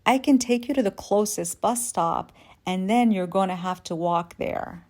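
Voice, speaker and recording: Woman putting on sarcastic male bus driver, gruff, blunt, pitched up, loud. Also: measured pace, natural voice. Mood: exasperated. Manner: exasperated and blunt, then gruffly kind.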